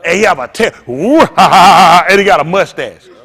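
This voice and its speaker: Lively high-pitched preaching man. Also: fairly quick. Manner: animated, joking, talks to the congregation. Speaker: pastor. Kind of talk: freewheeling preaching with comic asides.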